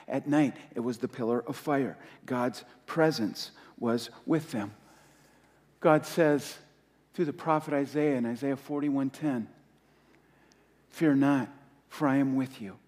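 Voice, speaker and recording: A man preaching a sermon as pastor, impassioned, repeating key phrases and letting his voice rise and fall with pauses. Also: medium pitch, darkish tone, long reverb tail.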